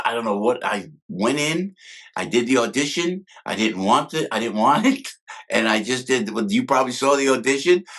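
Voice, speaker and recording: A man's voice: lowish voice, breathy edge. A man telling show-business stories as an interview guest, acting out the dialogue. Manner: animated storyteller, acts out quoted dialogue. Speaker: guest, former comedy cast member. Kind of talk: casual storytelling interview.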